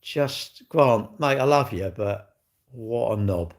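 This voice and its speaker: A man's voice: mid-range voice, expressive, slow. A middle-aged man hosting a casual livestream, bluntly joking and swearing as he answers his chat. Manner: blunt, jokey, swears freely, talks back to chat. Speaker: livestream host. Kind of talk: casual livestream chat reading viewer comments.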